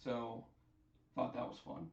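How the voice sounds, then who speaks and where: A man hosting a casual wrestling chat on a live stream, chatty and animated as he tells what happened. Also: slow. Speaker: host. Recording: echoey, distant, dull sound.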